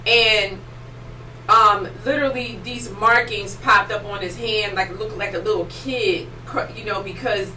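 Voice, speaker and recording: A woman podcast host excitedly telling a rambling story, full of fillers. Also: medium pitch, unhurried. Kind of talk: casual storytelling chat. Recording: roomy echo, distant mic, faint noise.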